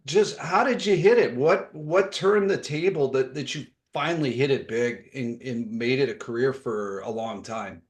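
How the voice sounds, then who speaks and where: A man's voice: medium pitch, normal speed, hardly any pauses. A man hosting a podcast interview, setting up his guest and asking eager, conversational follow-up questions. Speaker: podcast host.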